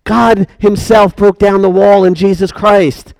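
A man's voice: high-pitched, steady tone, measured pace, gravelly, a little mellow, no echo. A man preaching a sermon, emphatic and questioning his congregation.

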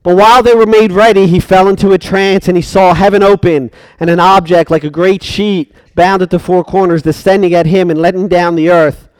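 Preacher guy with a high voice, really dry close sound, punchy sermon delivery. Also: fairly even intonation, brisk, hardly any pauses, no room sound. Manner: emphatic, asks the congregation rhetorical questions.

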